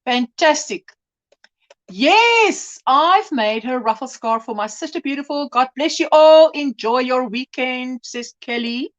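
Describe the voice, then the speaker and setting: A woman hosting a casual crochet livestream, chatting, reading out viewer comments and laughing often. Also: high-pitched.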